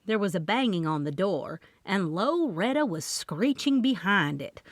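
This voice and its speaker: A woman reading first-person audiobook narration in a lively, expressive voice on a close microphone. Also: on the low side, normal speed, dry recording.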